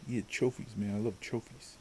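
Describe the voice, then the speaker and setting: A man's voice: on the low side, level tone, moderate pace, darkish tone, a little hiss or hum. A man casually chatting and joking while playing a co-op game, rambling and laughing often. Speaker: co-host. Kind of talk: casual gaming chat.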